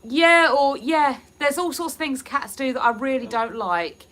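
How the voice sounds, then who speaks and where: A livestream host from Hertfordshire, England, reads out viewer comments in her Hertfordshire English accent, chatting casually and giggling. Her voice sits high, animated and fairly bright, and she takes her time.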